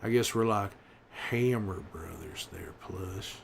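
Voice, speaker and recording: Joel, a man doing a gruff survivor. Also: deep voice, slow, slight background noise, exaggerated voice. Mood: bantering. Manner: gruff, swearing, teasing chat. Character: gruff middle-aged male survivor, wry. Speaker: streamer in character. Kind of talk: in-character livestream banter.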